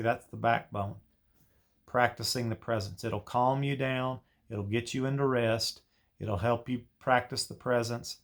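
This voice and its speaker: An earnest man of middle pitch teaching a Christian breathing meditation. He coaches warmly and often repeats himself, urging listeners back to the breath again and again. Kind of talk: spoken devotional teaching.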